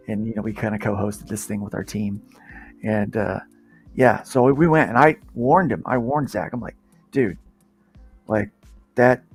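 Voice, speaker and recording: A man's voice: lowish voice, husky. A man hosting a casual podcast panel, telling a long story in a rambling way with frequent restarts. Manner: rambling, restarts often, animated when telling stories. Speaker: podcast host.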